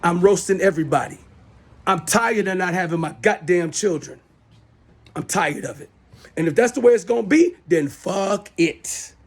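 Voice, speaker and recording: This is a self-styled show host, a middle-aged man whose high-pitched voice is animated and moderately paced. Into his smartphone he unleashes a heated, profane, repetitive rant to camera.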